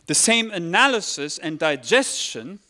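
A man's voice: high voice, big pitch swings, unhurried, pushed and bright. A man in his forties from Germany with a German accent over British English, preaching a personal, conversational sermon with self-deprecating asides. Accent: German, with British English layered on. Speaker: pastor.

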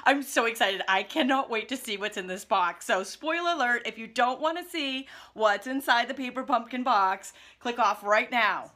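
A woman chatting through a live unboxing, gushing and excitable, with gasps and squeals of delight. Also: on the high side, moderate pace, few pauses. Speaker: crafting channel host.

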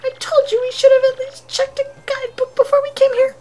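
Shrill shivering sister trio. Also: female voice, little pitch movement, brisk, dark tone. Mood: shivering complaint. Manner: very high, shrill, shivering whine. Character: three young female snow-wandering sisters, whiny.

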